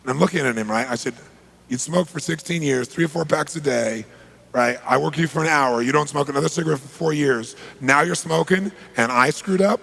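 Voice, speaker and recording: A man's voice: on the high side, a little fast, creaky, fairly bright tone, breathy edge, poor audio. A man giving a motivational talk, telling a story with emphatic, punchy delivery and acting out conversations. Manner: emphatic, punchy, acts out quoted exchanges. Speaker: motivational speaker.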